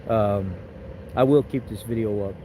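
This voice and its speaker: A man's voice: lowish voice, measured pace, mellow, slight background noise, poor audio. A man vlogging, telling a personal story in a rambling, emotional way, often repeating his words.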